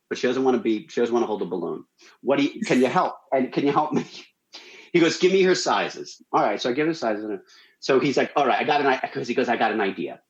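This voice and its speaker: A man telling a story on a radio show, animated and acting out the people he quotes. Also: reverberant, highs cut off. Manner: animated, acts out quotes with big pitch jumps. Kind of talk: casual storytelling.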